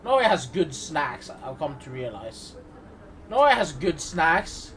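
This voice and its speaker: A man's voice: fairly high pitch, very animated, slow, a bit bright. A man streaming live, reacting to a video with profane, sarcastic, rambling commentary.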